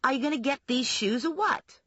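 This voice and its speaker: A woman doing a loud excitable girlfriend. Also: normal speed, dry recording, muffled recording. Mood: excited. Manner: high, excited exclamations. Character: brash female friend, loud and excitable.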